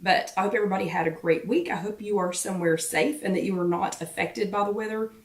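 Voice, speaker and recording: A woman hosts a chatty live stream while her voice is going hoarse. She sits back from the mic, so her voice sounds distant. It also has a roomy echo. She greets viewers one by one in a casual, familiar way. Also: medium pitch, fairly even intonation, quick pace. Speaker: host of a live weight-loss workshop chat.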